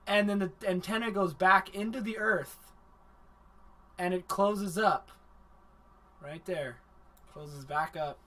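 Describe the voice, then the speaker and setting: A man hosting a livestream anime review, recapping the plot in a rambling, profane, animated way. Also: sits high, slow, pauses often.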